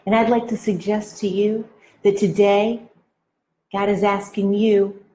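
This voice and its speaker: A woman delivers a devotional talk at an unhurried, measured pace, in a middle-pitched voice. She asks her listeners reflective questions. She often checks in with a soft "right?". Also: flat delivery. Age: married adult. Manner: slow and deliberate, with frequent "right?" tags. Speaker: women's devotional speaker.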